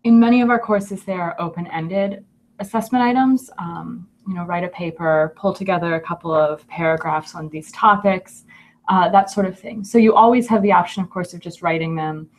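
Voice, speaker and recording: A woman on course staff explaining changes casually, measured with frequent ums. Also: lowish voice, slight background noise. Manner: measured, filler-laden explaining.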